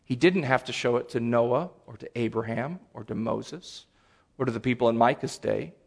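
A man preaching a sermon as a pastor, earnest and animated, with sudden loud bursts. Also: medium pitch, moderate pace, vocal fry.

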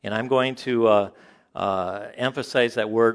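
Man, pastor, sermon, conversational, halting delivery, frequent fillers, joking asides. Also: lowish voice.

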